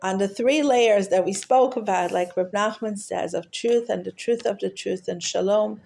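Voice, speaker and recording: A woman telling a heartfelt teaching story, halting often with fillers and restarts. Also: medium pitch, gravelly, darkish tone, slight background noise. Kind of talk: storytelling talk.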